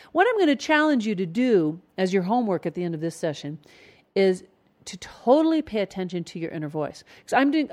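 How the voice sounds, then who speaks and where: A woman's voice: medium pitch, a little mellow. A woman leading a casual spoken self-help lesson as a coach, asking the listener many questions and acting out inner voices with shifts of tone.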